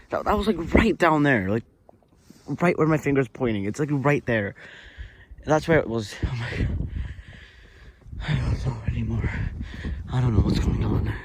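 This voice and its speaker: A frightened man vlogging on location, talking in a hushed, jittery voice and often half-whispering. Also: medium pitch. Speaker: paranormal vlogger. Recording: loud outdoor background noise. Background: loud noise and outdoor ambience.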